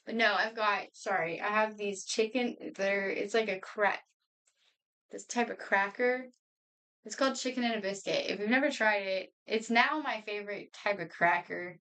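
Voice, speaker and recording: A woman's voice: mid-range voice, moderate pace, a bit bright. Streamer woman in her twenties, rambly casual chatter at home, a little distant from the mic. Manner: rambling, chatty, laughs often, talks while eating. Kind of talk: casual chat to a live stream. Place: home room.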